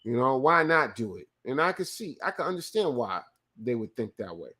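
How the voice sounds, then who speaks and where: A male livestream host from California talks in a relaxed, profane way. He rambles through stories with restarts and reads viewers' chat messages aloud before answering them. His voice sits at an ordinary middle pitch. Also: normal speed, breathy edge. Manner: profane, loose storytelling with restarts. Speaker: live show host. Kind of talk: casual livestream commentary.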